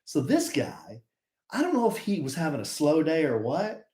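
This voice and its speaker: A middle-aged man co-hosting a podcast, chatting casually and telling stories in a laid-back, animated way. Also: fairly high pitch, normal speed. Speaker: podcast co-host. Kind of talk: casual chat. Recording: roomy echo.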